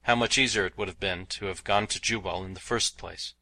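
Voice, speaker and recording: A man narrating a novel as an audiobook in a steady, measured storytelling manner. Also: low-pitched, poor audio.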